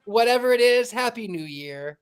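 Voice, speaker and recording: A man hosting a livestream with a warm, theatrical, exclamatory manner, chatting and reading a storybook aloud. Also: extremely high pitch, animated, moderate pace, clean tone. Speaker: livestream host.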